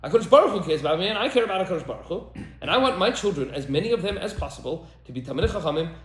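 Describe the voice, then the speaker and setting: An emphatic man, a rabbi, holds forth in a podcast conversation with a pitch that swings up and down. His voice sits a touch high, and a roomy echo hangs around it. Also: expressive, racing, slight background noise. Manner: emphatic, repeats lines for effect, mixes in Hebrew terms. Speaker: rabbi and teacher. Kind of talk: animated podcast discussion.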